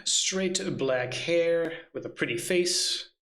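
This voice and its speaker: A man's voice: on the high side, takes it slowly, a bit bright. A man running a tabletop game, muttering and swearing to himself as he hunts for his notes. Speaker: game master.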